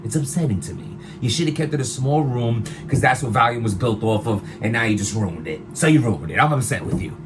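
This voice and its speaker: A man ranting casually to his viewers, animated and slangy, repeating himself as he vents. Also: mid-range voice, brisk, few pauses, noisy background. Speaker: vlogger, battle rap commentator. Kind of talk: casual opinion rant to camera.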